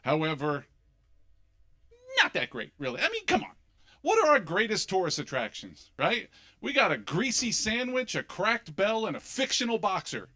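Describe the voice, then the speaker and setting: A middle-aged man from Philadelphia with a Philly accent, doing an animated, punchy stand-up comedy set on a club stage. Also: high voice, moderate pace. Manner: animated, punchy delivery with sudden loud bursts.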